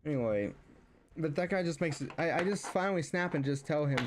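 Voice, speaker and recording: A man's voice: on the high side, animated, a little fast, a little hiss or hum. A young man streaming, ranting casually about family, rambling with many restarts and fillers and rising when riled. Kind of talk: casual rant while streaming.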